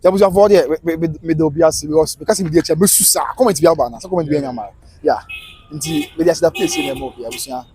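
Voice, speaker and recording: A man with a Ghanaian accent giving casual live football commentary, switching between Twi and English in animated rants. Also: fairly high pitch, racing, poor audio.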